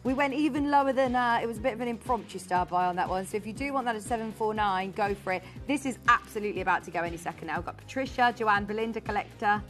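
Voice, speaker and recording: A woman presenting on a live shopping channel, chatty and bubbly, quickly rattling off prices and buyer names in a studio. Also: medium pitch, soft background music. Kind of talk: live TV sales patter.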